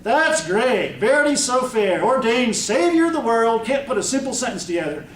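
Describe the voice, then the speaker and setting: A man's voice: extremely high pitch, very animated, normal speed, slight background noise, voice pushed up. A man voicing a wisecracking boy sword. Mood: mocking. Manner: teasing, playful. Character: cocky boy-voiced magic sword, class clown. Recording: echoey room, mic from far off.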